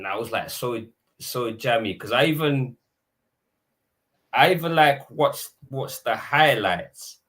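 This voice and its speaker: Slangy man in animated football chat. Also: medium pitch, a little slow. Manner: animated, slangy, acts out his own reactions. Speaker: podcast panelist.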